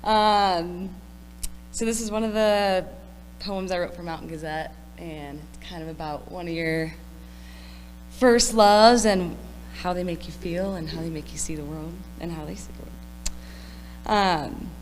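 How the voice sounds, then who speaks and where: A woman's voice: on the low side, measured pace, big-room sound, a little hiss or hum. A woman reading her poems at an open mic night, with casual, self-deprecating asides between them. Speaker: poetry reader. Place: library event room.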